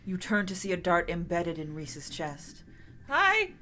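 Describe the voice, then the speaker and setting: A woman streamer reading a story game aloud with dramatic narration, breaking into lively chat with loud exclamations. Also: on the low side, moderate pace. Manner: animated, bursts of loud exclamations and laughter.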